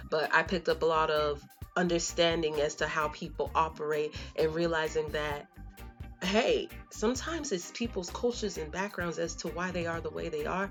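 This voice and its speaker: A young woman with a lowish voice speaks casually to camera, telling stories in a loose, slangy, conversational way. Soft music plays quietly underneath her. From Florida, USA. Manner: conversational and storytelling, drops in slang and fillers. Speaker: vlogger.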